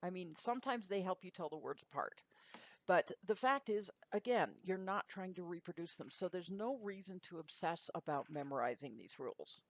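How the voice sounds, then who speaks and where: A middle-aged woman teaching a lecture, explaining rules patiently in a relaxed way and checking in with her students. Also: fairly low pitch, moderate pace. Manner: explanatory, relaxed, uses fillers and checks in with the listener. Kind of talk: classroom lecture.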